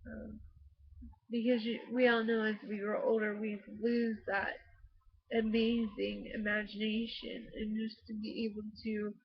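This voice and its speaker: A young woman from the States, hoarse from allergies and losing her voice, rambling tiredly in a casual late-night vlog from her bedroom. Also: fairly high pitch, level tone, unhurried. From United States. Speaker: vlogger. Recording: dull lo-fi laptop recording.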